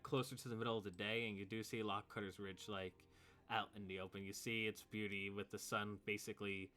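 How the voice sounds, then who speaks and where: Casual low-voiced game master. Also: male voice, pushed and bright. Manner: casual, rambling, sound-effect interjections. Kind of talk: narrating a tabletop game.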